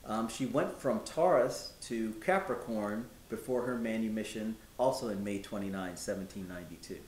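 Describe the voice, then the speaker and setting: Man acting a respectful 1790s visitor, measured, lots of ums, lowish voice, echoey room, faint rumble. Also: darkish tone, close to an everyday voice. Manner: measured, listing facts with many ums. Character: man giving news of freed neighbors, respectful and steady. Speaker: historical reenactor. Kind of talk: historical reenactment dialogue. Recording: roomy with faint low rumble.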